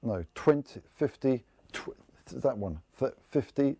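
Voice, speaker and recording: A man in his fifties, a playwright, giving personal testimony in halting speech, stumbling and searching for his words. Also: mid-range voice, animated, dark tone, slightly rough, dry recording. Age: 50s.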